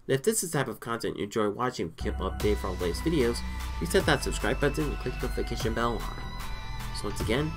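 A man giving casual, excitable commentary while playing a video game, often stammering and reading lines aloud. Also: mid-range voice, fast talker, music in the background. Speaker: let's play gamer.

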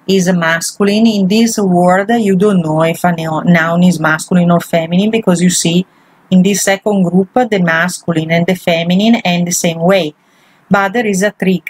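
A language teacher with a lowish voice patiently works through grammar exercises, taking each example step by step. The recording is dry and low in quality.

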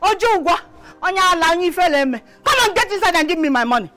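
A Nigerian actress playing a pushy female cloth seller who shouts demands for her debt. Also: extremely high pitch, very animated, rapid-fire, exaggerated voice. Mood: angry. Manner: shouting, aggressive, mixes Igbo.

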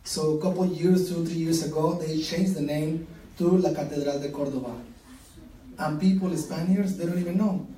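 A man's voice: a little high, fairly even intonation, moderate pace, warm tone. A man in the audience tells a story with a hesitant manner, restarting his sentences often. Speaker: audience member. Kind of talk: question from the audience. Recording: echoey room, mic far off.

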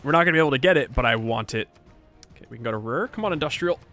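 Lively, chatty male game streamer. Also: mid-range voice, very fast, soft background music. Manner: chatty, wry, talks to himself and game characters. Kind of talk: live gameplay commentary.

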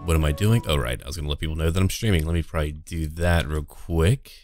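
Playing a video game on stream, a man talks fast in a bass voice with a darkish tone, bantering casually and irreverently with chat. Faint music plays in the background.

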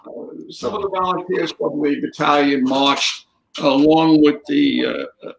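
Gravelly man telling regiment traditions. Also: on the high side, fairly even intonation. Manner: measured, explains traditions. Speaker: guest, regiment officer. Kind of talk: storytelling interview. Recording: echoey room, faint noise.

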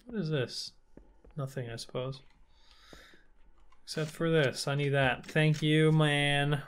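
A gaming video host, a young man, commentates his blind let's play of a shooter, frustrated, swearing, and taunting enemies on screen. His voice is on the high side, slow, steady, and clean.

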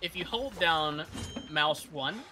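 A man in casual game chat, patiently explaining and giving calm commands to a teammate. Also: fairly high pitch, slow pace, slight background noise. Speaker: experienced teammate guiding a new player.

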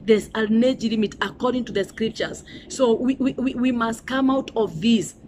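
A woman's voice: on the high side, moderate pace, a little mellow, slight background noise. Emphatic Kenyan woman preaching. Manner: emphatic and repetitive, with frequent "you know" and "Hallelujah". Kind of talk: sermon.

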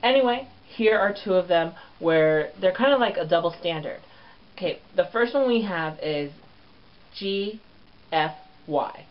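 Speaking in a high-pitched, animated yet unhurried way, a man runs his own comedy vlog. He's sassy and crude and swears a lot, and the recording sounds lo-fi and dull.

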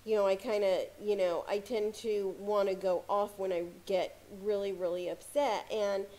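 A woman giving casual motivational advice to camera as a success coach, talking calmly with frequent "you know" fillers. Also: medium pitch, normal speed. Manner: calm, conversational, many "you know" fillers.

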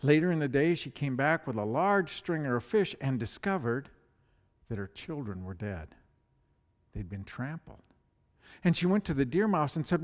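A man preaching a sermon, reading scripture and telling a fable with animated delivery. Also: medium pitch, moderate pace. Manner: animated storytelling, voices the animals. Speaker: pastor. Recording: long hall reverb.

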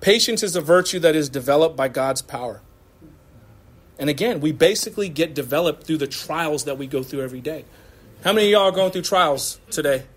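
A male pastor giving a lively, casual sermon in church, mixing slang and laughter into his preaching. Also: fairly high pitch, a little fast. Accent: American.

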